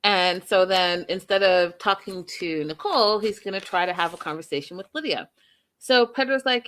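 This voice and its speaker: A woman's voice: lowish voice, moderate pace, a bit bright, clean tone. A woman hosting a reality-show recap in a casual, opinionated way, telling stories and acting out what people said. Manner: chatty storyteller, acts out quotes, opinionated asides. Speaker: host reviewing a reality show.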